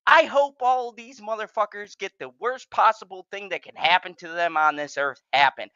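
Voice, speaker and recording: A man's voice: high voice, moderate pace, clean tone, dry recording, highs cut off. A man hosting a show, ranting in an angry, profane, agitated way and stumbling over his words when worked up. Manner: furious, profane and shouting-heated, stammers when worked up. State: agitated, racing heart. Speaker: show host.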